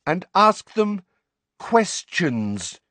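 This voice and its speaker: A man voicing a condescending middle-aged woman inspector who talks slowly and loudly in an audiobook. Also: high-pitched, very animated, no echo, voice pushed up, heavily acted. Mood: patronizing. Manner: slow, loud, over-enunciated.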